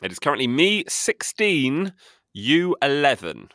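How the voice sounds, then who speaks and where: A man's voice: medium pitch, big pitch swings, unhurried, fairly bright tone, dry recording, clean studio sound. A man co-hosting a podcast in casual chat, running a quiz with a teasing, playful delivery. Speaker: podcast co-host.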